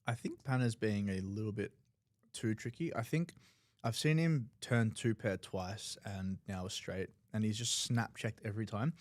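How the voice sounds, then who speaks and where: A man's voice: fairly low pitch, normal speed, no room sound. A man with an Australian accent breaking down poker hands in live commentary, analytical and loose, full of filler words.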